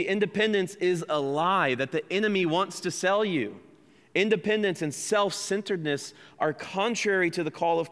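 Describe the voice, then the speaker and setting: With a high, fairly bright voice, a man from the United States serves as pastor and preaches in a church sanctuary where a long reverb tail follows his words. He is earnest yet conversational, poking fun at himself and putting rhetorical questions to the congregation.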